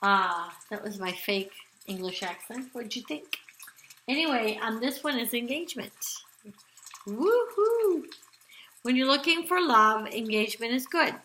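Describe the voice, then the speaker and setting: A woman with a fairly high, bright voice talks slowly through a tarot reading. She rambles, filling gaps with ums and restarting her sentences. The room around her sounds echoey, with faint noise behind. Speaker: tarot card reader. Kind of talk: casual spoken tarot reading.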